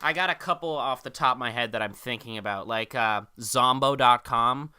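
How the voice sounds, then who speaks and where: A man co-hosting a comedy podcast, rambling and animated, tripping over his words. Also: medium pitch, normal speed, clean tone. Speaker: podcast co-host. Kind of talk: casual comedic chat.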